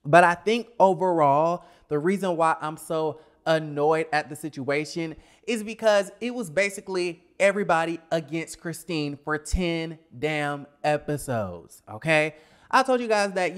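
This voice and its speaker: Sassy young guy ranting about a reality show, kinda high voice, smooth and clear, getting over a cold. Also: animated, unhurried. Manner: sassy, blunt, scatterbrained asides. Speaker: reality TV reviewer. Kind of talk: casual review vlog.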